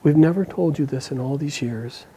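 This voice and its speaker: Casual: guy doing a soft-spoken gentle mother, tender, mellow tone. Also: on the high side, moderate pace, husky, low-quality recording. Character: tender grieving adoptive mother, gentle woman.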